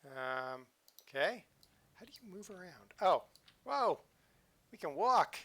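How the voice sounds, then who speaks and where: Casting: male game streamer, bright and a touch high, playful and jokey, loose live chat. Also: big pitch swings, slow. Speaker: livestream host. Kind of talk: casual game commentary.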